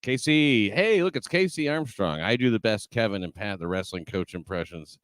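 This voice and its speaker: A man's voice: fairly low pitch, lively intonation, normal speed, no room sound, clean studio sound. A man hosting a casual late-night show, talking loosely with profane asides and laughter. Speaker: podcast host.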